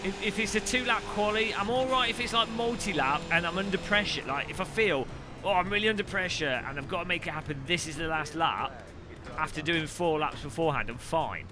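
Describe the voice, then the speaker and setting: A man's voice: fairly high pitch, a little fast, music in the background. A man live-streaming a racing game, chatting jokily with viewers in a casual way. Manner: jokey, chats with viewers, mock French phrases.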